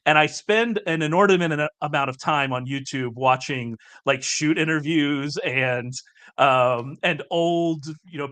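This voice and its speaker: A man's voice: on the high side, a bit bright. A man hosting a podcast, chatting casually in an enthusiastic, talkative way. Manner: chatty, enthusiastic, laughs easily. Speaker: podcast host.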